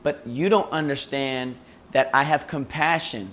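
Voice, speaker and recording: A man's voice: mid-range voice, unhurried, a bit bright, slight background noise. A man streaming live, ranting casually and profanely, often mimicking others in mocking voices. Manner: profane, heated venting.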